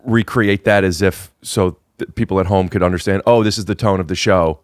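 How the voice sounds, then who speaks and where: A man's voice: low voice, fairly even intonation, fairly quick, dry recording, clean studio sound. A man hosting a podcast from his living room, rambling and restarting as he chats with a guest. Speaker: podcast host. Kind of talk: casual chat. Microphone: podcast microphone.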